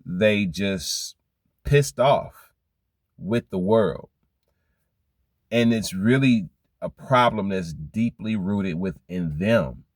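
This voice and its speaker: A man's voice: fairly low pitch, extremely slow, long pauses, dry recording. Man preaching life lessons to camera. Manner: repetitive, preachy, rhetorical questions to the viewer. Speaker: vlogger giving life advice. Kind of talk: reflective motivational monologue.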